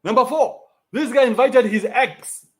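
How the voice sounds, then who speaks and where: A man with a Kenyan accent hosting a podcast, ranting in a mocking, animated way and swearing freely. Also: extremely high pitch, a little slow. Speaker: podcast host. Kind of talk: ranting commentary.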